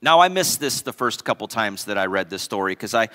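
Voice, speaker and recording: On the low side but bright and forceful, this preacher speaks briskly with big pitch swings, his sermon filling a big-room church sanctuary. He hammers home key phrases and asks the congregation questions.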